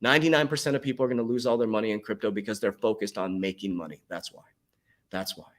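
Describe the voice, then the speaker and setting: A middle-aged man coaching on crypto and mindset in a motivational vlog rant, profane and fired up, swinging from loud outbursts to hushed asides. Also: lowish voice, steady tone, rapid-fire.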